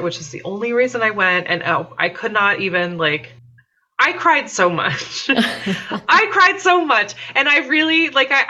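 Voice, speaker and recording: A woman's voice: medium pitch, sharp tone, muffled recording. A woman chatting casually on a podcast, talking with lots of fillers and laughing often. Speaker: podcast guest.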